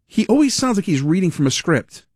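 A man hosting a political talk radio show, giving animated, rambling, sarcastic commentary. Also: high-pitched, brisk, breathy edge, no room sound, studio quality.

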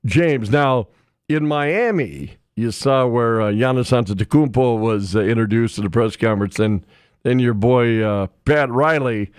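A man's voice: mid-range voice, measured pace, no room sound. A man hosting a sports radio show, chatting casually and reading local scores with folksy asides into a studio microphone.

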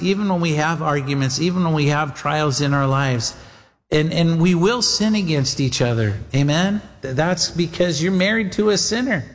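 Rich: A man preaches with a notably high voice, leaning into plain conversational talk, repeating himself and addressing the congregation directly. His words ring out with a long reverb tail, as in a large hall. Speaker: pastor. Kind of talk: sermon.

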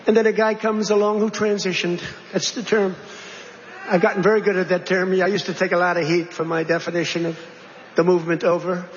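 A man's voice: high voice, level tone, fairly quick, a little hiss or hum. Rambling man giving a political speech. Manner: rambling, repetitive, digressive. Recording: dull recording with long hall reverb.

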